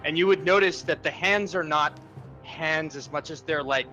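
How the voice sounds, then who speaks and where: Bright-voiced man describing a game scene. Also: on the high side, normal speed, dull audio, soft background music. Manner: loose descriptive narration with fillers. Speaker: player. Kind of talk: describing his character's actions in a tabletop game.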